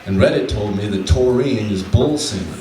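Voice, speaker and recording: A man doing a stand-up comedy set on a club stage, deadpan, slowing down for his punchlines. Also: fairly low pitch, a little hiss or hum. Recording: echoey room from a distant mic, faint ambience.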